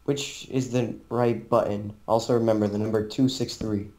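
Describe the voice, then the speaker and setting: A woman's voice: extremely low pitch, fairly even intonation, normal speed, mellow, slight background noise. A woman chatting while playing a co-op game, laughing often and protesting when teased. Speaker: gamer teammate. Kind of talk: casual gaming chat.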